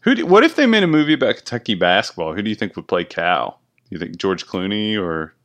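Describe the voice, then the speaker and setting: A man's voice: on the low side, very animated, fast talker, a bit bright. A man co-hosting a casual sports talk show, with a dry, teasing, offhand manner. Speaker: podcast co-host.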